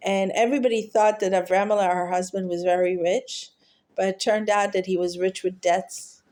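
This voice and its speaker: A woman telling a heartfelt teaching story, halting often with fillers and restarts. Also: mid-range voice, steady tone, a little mellow. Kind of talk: storytelling talk.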